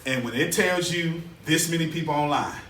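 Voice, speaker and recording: A man's voice: a little high, normal speed. Echoey seminar talk from a male coach. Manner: energetic, colloquial, call-and-response with audience. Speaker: business coach. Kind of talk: live seminar teaching. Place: seminar room with live audience. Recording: echoey room, mic far off, faint hiss.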